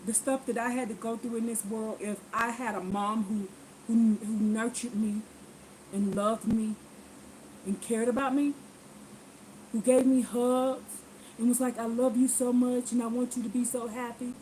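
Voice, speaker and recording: Woman, high voice, animated storytelling, preachy, talks straight to viewers, acts out quotes. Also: a little hiss or hum, poor audio. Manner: preachy, addresses viewers directly. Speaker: vlogger. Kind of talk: casual storytelling testimony.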